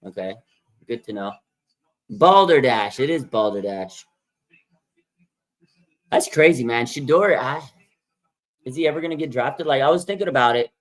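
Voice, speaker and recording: A man hosting a live sports draft stream, excitable and rambling, repeating himself and laughing as picks come in. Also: medium pitch, moderate pace, pauses often. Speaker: livestream host. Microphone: streaming microphone.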